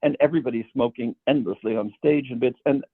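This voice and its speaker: The composer talks at a quick pace in a slightly rough, mid-range voice, with no echo on the tinny phone-like line. Sentences often begin with stammers and repeated words as he tells long anecdotes.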